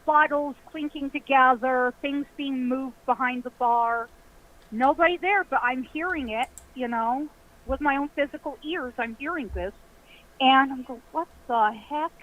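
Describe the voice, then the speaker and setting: A woman's voice: high voice, fairly bright tone, rough recording. A woman caller telling a ghost story vividly, acting out voices and sounds.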